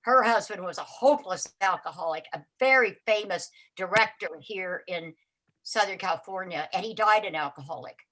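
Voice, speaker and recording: An older woman telling her own recovery story on a live talk show, acting out what people said and sometimes crying out loudly. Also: mid-range voice, normal speed. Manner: acts out her own cries and other people's voices, getting loud and shouty.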